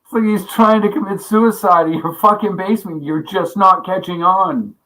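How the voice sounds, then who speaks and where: Man, livestream host, fairly high voice, rambling, laughs often, swears freely, greets viewers. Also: fairly even intonation, moderate pace, sharp tone, low-quality recording. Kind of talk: casual livestream chat.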